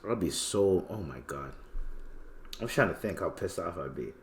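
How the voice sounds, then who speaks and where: A young man with a Toronto accent, hosting a podcast, ranting in a casual, profane storytelling style with sudden loud outbursts. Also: sits low, expressive, normal speed, a little hiss or hum. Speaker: podcast host.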